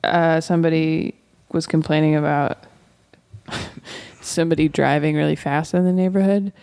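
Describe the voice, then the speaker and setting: A woman's voice: deep voice, steady tone, normal speed, dark tone, clean tone, no echo, studio quality. A young adult woman co-hosting a casual podcast, telling stories with lots of fillers and some teasing. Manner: filler-heavy, teasing storytelling. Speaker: podcast co-host. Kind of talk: casual chat.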